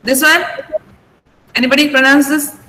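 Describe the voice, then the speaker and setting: A woman teaching English pronunciation in an online class, sounding out words slowly syllable by syllable in a firm, instructive manner. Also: high-pitched, fairly even intonation, sharp tone, low-quality recording. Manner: slow deliberate syllable-by-syllable pronunciation. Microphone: video call.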